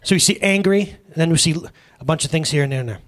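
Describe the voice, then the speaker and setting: A man in his thirties preaching a casual, humorous sermon at a church service, telling stories in an animated, jokey way with asides to the congregation. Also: on the high side, quick pace. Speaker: pastor.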